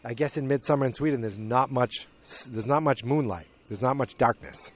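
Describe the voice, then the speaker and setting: Animated man recapping a movie. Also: medium pitch, moderate pace. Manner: animated storytelling, acting out scenes. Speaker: podcast host.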